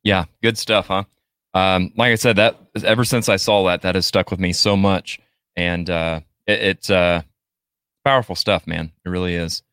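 A man hosting a live podcast in a casual, halting way, reading out listener comments and answering them. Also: sits low, fairly even intonation, a bit bright, clear, resonant tone, dry recording, studio quality. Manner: halting, many fillers and restarts. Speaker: podcast host. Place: Missouri area studio.

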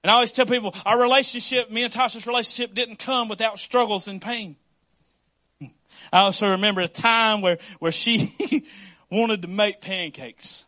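High-voiced bright pastor preaching. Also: male voice, fairly even intonation, normal speed. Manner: storytelling with laughs and acted quotes. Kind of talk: sermon.

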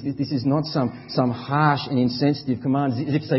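Husky preacher in a reverberant hall. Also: male voice, medium pitch, brisk, hardly any pauses. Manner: earnest, emphatic, swings between soft and loud; repeats words when stressing a point. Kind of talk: sermon. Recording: dull recording with long hall reverb.

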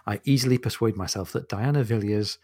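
A man's voice: fairly low pitch, fairly quick, dark tone, breathy edge, no room sound, clean studio sound. Thoughtful man reading and discussing. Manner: thoughtful, reads quotes with expression, laughs often. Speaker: podcast co-host. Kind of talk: casual book discussion, reading passages aloud.

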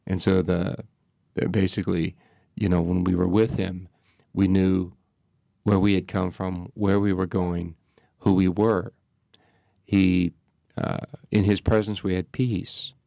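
Deep gravelly priest, slow and measured. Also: male voice, level tone, mellow, dry recording, clean studio sound. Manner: slow, measured phrasing with pauses. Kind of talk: reflective spiritual talk.

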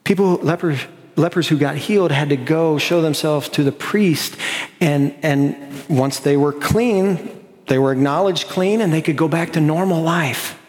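A pastor giving a sermon, earnest and conversational, slowing down to stress key lines. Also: male voice, fairly high pitch, darkish tone. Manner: earnest, conversational preaching with slow emphatic stretches. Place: church sanctuary. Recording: long hall reverb.

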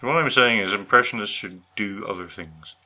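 A man with a low voice and a very bright, forceful edge. He co-hosts a casual chat show and teases his partner with dry remarks and mock rants. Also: fairly quick. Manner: dry, teasing banter. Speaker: podcast co-host.

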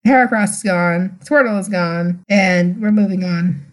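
A woman's voice: mid-range voice, a little slow. A woman co-hosting a podcast in casual chat, talking in a chatty, exasperated way. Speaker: podcast co-host.

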